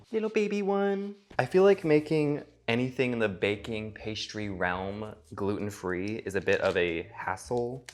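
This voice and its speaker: A man's voice: on the low side, slow. Sarcastic, swearing man in a cooking vlog. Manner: sarcastic, profane, theatrical asides. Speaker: cooking vlogger. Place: home kitchen. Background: faint music.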